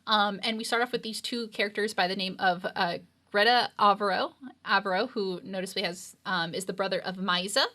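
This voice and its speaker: Casting: woman co-host, crisp bright tone, loose rambling recap style. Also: medium pitch, steady tone, brisk. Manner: rambling, filler-heavy recap. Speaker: co-host of a reaction show. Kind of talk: casual chat.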